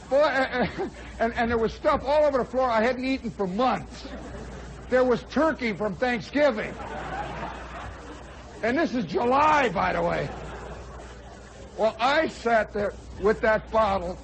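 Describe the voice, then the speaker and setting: High-voiced man spinning a comic yarn. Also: measured pace, long pauses, low-quality recording. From United States. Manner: animated, acts out voices, shouts for comic effect. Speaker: radio host and storyteller. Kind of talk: spoken storytelling monologue. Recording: old radio broadcast with faint crowd and noise.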